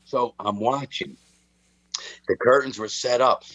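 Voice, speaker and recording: A man's voice: medium pitch, fairly even intonation, a little slow, fairly bright tone, no echo. A middle-aged man tells a story in loose, casual chat. He talks with animation and acts out the voices in his tale. The recording is dry and a little dull. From Philadelphia. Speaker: guest storyteller.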